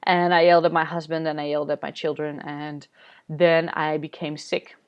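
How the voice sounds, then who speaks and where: A woman from the Netherlands, a spiritual coach, telling a personal story in a candid vlog, halting with many fillers. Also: sits low, flat delivery, clean tone, highs cut off. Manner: candid, confessional.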